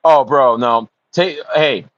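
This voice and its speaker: A man's voice: mid-range voice, slow, fairly bright tone, no room sound, lo-fi sound. A man hosts a casual livestream. He rambles, fills his talk with ums and uhs, swears, and calls his viewers bro. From United States. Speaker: livestream host.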